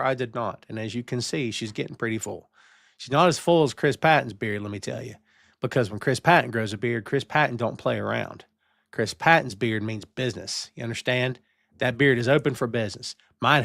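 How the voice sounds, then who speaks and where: A man's voice: mid-range voice, gravelly, a bit bright, no room sound, studio quality. A man hosting a live-streamed wrestling podcast, talking in a playful, theatrical way and greeting chat viewers. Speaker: podcast host.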